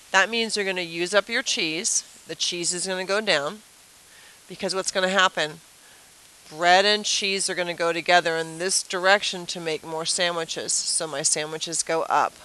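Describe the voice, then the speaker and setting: Bright-voiced woman teaching at a whiteboard. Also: fairly low pitch, poor audio. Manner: chatty, asks the class rhetorical questions; explains with playful everyday comparisons. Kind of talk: whiteboard review lesson.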